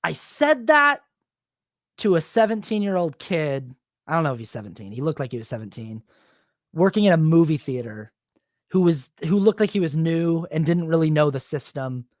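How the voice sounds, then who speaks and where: A man's voice: on the high side, animated, moderate pace, no room sound, clean studio sound. A man hosting a solo podcast, telling a self-deprecating story in a rambling, confessional way with many restarts. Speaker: podcast host.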